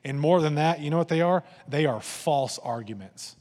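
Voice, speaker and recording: Animated preacher man in a reverberant hall. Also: a little high, moderate pace. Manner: conversational, animated, acts out voices and asides. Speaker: pastor. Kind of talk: sermon.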